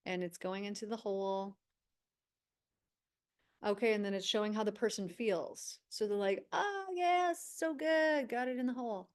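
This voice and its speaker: A woman's voice: medium pitch, clean tone. Woman host narrating a channeled vision. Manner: narrates images step by step, frequent "okay". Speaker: spiritual teacher and host.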